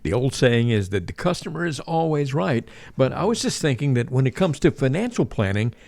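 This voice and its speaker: A man hosting a radio talk show, with an animated announcer delivery and a joking manner. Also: medium pitch, a little fast, gravelly, dry recording.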